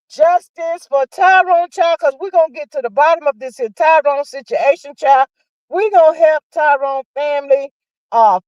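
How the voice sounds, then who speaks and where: A woman's voice: sits high, darkish tone, no echo. Livestream gossip host, woman: sassy, exclamatory, chatty with viewers; dry, dull-sounding stream audio. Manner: sassy, exclamatory, peppers talk with "child" and "honey"; reads viewer comments aloud. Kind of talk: casual livestream chat. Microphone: streaming setup mic.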